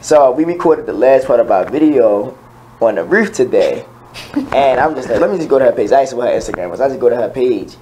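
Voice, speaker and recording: A man speaking as a radio guest, telling a story in long run-on sentences at a middle pitch. He sounds earnest and unhurried, with faint noise behind him. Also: expressive, dark tone, low-quality recording. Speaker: guest performer. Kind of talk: casual storytelling.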